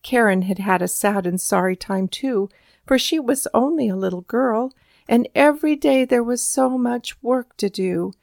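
A woman narrating a storybook in a calm, measured and gentle way. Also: a little high, gravelly, no room sound, studio quality. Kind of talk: storybook reading.

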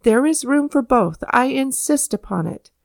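A woman's voice: fairly high pitch, lively intonation, moderate pace, gravelly, darkish tone, no room sound, studio quality, pitched above the performer's own voice. A woman reading the lines of an earnest, dignified army general, raising her voice to insist. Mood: insistent.

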